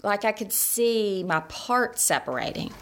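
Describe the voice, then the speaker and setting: A woman's voice: mid-range voice, big pitch swings, a little slow, a bit bright. A woman telling a personal story in a chatty way, acting out what people said. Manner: chatty, acts out quoted voices.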